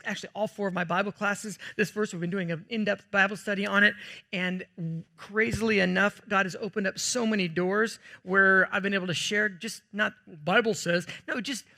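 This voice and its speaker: A man preaching a sermon as pastor, telling stories in a jokey, animated way with sudden loud bursts. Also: high-pitched.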